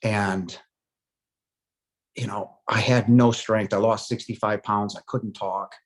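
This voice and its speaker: A middle-aged man recounts his near-death experience haltingly and with emotion, filling the gaps with pauses and fillers. His pitch sits fairly low and his intonation stays fairly even.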